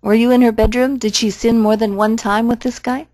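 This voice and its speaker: A woman's voice: a little high, level tone, brisk, a little mellow, no echo. A woman commenting on a video in a sarcastic, challenging way, mocking the speaker's claims.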